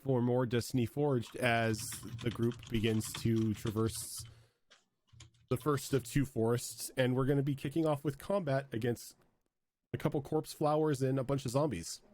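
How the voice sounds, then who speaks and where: Closing out a tabletop game he's been running, this host chats casually and rambles, dropping plenty of fillers. He speaks at normal speed with a medium, darkish voice and fairly even intonation, and there's a little hiss or hum in the background.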